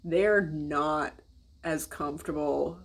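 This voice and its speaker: A woman's voice: low voice, takes it slowly. An American woman vlogging in casual, blunt, rambling talk, swearing and speaking straight to her viewers. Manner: blunt, rambling and profane, addresses viewers directly.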